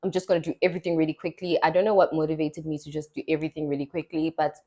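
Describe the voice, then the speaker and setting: A young South African podcast host talks at a racing pace in a low, mellow voice with flat delivery. Her casual, chatty storytelling includes acting out the voices she quotes.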